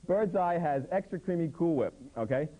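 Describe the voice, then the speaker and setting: A man's voice: fairly high pitch, animated, normal speed, narrow, tinny audio. A man hosting a satirical public access show, mocking commercials with an incredulous, sarcastic tone. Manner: sarcastic, incredulous, quoting ads in mock voices. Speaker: comedy host. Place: public access TV studio under hot lights.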